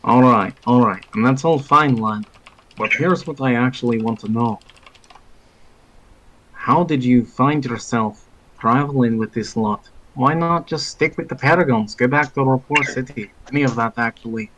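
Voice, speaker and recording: A man voicing a gruff male soldier comrade with a thick accent, blunt and calling others lad, in tabletop role-play. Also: mid-range voice, moderate pace, a bit bright, slight background noise, close to an everyday voice, poor audio.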